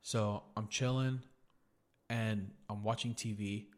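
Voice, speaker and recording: A young man on his podcast recounts a story slowly, his lowish voice holding a steady tone. He keeps it casual and crude, repeatedly calling people "dude."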